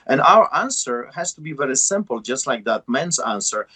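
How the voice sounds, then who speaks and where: A man's voice: medium pitch, animated, moderate pace, a bit bright, breathy edge. A middle-aged man with a heavy non-native accent and broken English, a pastor preaching fervently over a call in a repetitive cadence.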